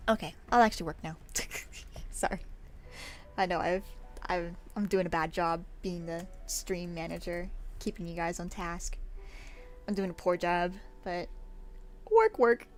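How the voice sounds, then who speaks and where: A woman streamer chatting casually to her viewers on a work-along stream, bubbly and quick to giggle. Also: fairly low pitch, steady tone, slight background noise.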